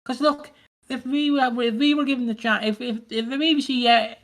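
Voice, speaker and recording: A man's voice: very high voice, steady tone, fairly quick, gravelly, fairly bright tone. A man co-hosting a podcast, ranting in casual chat with plenty of swearing and mocking put-on voices. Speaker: podcast co-host.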